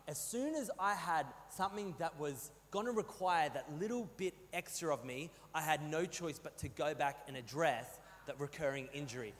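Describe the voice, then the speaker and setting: A man in his thirties with an Australian accent, preaching a sermon as a pastor, telling stories with animated, rising emphasis. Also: high-pitched. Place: church hall. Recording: long hall reverb.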